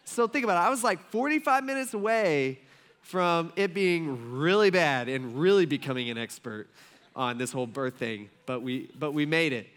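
A man's voice: fairly high pitch, animated, moderate pace, a bit bright. A man in his thirties, a pastor, preaching a casual, conversational sermon full of folksy stories and asides. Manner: chatty, folksy storytelling with many fillers and asides.

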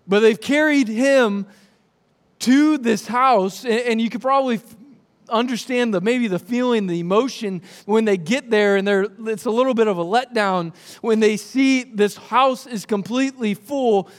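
A man's voice: very high voice, moderate pace. A man preaching a sermon, retelling a scripture story with jokes and acted-out voices. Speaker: pastor.

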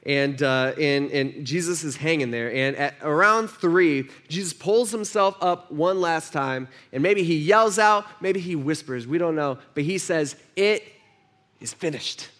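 A man's voice: a little high, a little slow, hardly any pauses, fairly bright tone. A male pastor preaching a sermon in a church, talking with the room, asking questions and acting out the people in his story. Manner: conversational, asks the room questions, acts out quotes.

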